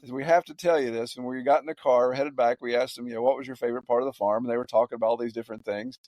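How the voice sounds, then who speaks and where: A man, a farmer guest on a podcast, telling stories in a halting way with many repeated words. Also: mid-range voice, level tone, darkish tone, dry recording, clean studio sound. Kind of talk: casual podcast interview.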